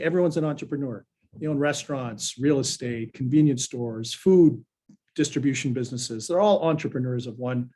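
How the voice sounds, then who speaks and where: A man guest telling lively personal stories in a casual podcast chat. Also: a little high. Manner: animated anecdotal, frequent fillers. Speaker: pollster and guest.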